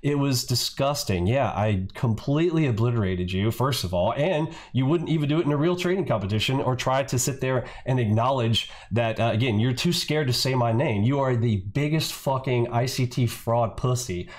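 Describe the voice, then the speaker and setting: A man's voice: mid-range voice, moderate pace, few pauses. Male host, angry profane reaction rant, mocking and insulting throughout. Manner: profane, mocking, repeats "bro". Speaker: trading channel host.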